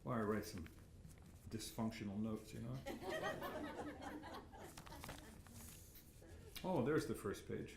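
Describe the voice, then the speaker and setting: A man's voice: lowish voice, moderate pace, gravelly. An older man, a retired sportscaster, giving a rambling, self-deprecating acceptance speech with many anecdotes and chuckles at a podium microphone. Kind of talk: after-dinner acceptance speech. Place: banquet hall. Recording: echoey hall with faint room noise.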